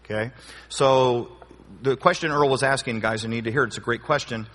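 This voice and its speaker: A man's voice: mid-range voice, steady tone, a little fast, fairly bright tone. A man leading a Bible study question time as pastor, talking in a conversational, joking and emphatic way. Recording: long hall reverb.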